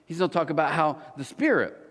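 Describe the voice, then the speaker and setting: A man's voice: fairly high pitch, expressive, fast talker, a bit bright. A man preaching a sermon to his congregation, telling jokey stories and teasing the people listening. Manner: joking storyteller, teasing the congregation. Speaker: pastor. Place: large church auditorium. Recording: long hall reverb.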